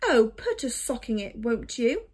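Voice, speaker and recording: A woman voicing a grumpy, pompous old male albatross with a creaky voice in a storybook reading. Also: fairly high pitch, big pitch swings, a little slow, darkish tone, heavily acted. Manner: lofty, grumbling.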